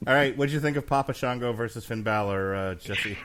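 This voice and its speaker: A man's voice: medium pitch, brisk, fairly bright tone. A man hosting a podcast in casual chat, teasing his co-hosts with jokes. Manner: teasing, joking.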